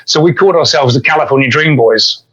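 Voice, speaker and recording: A man's voice: on the high side, fast talker, fairly bright tone, slightly rough, dull audio. A middle-aged man, a fitness coach guesting on a podcast, telling easygoing anecdotes. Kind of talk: casual interview storytelling.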